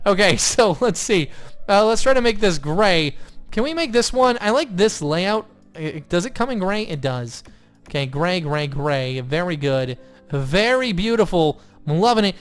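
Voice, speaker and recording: A young man giving excitable let's-play commentary, gushing loudly one moment and muttering the next. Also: fairly high pitch, a little slow, clean tone, soft background music. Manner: excitable, gushing, swings between loud outbursts and quiet mutters. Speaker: gaming YouTuber.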